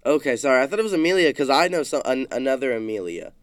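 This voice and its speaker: A man's voice: medium pitch, expressive, fast, dry recording. Playful young man joking with friends. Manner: joking, playful, breaks into silly voices. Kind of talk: casual group chat.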